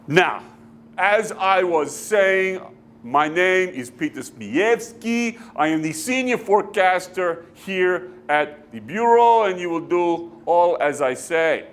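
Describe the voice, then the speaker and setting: Man acting as pompous senior forecaster, bossy, put-on accent, stilted formal English, high-pitched. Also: expressive, slow pace. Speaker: comic actor. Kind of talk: amateur comedy sketch.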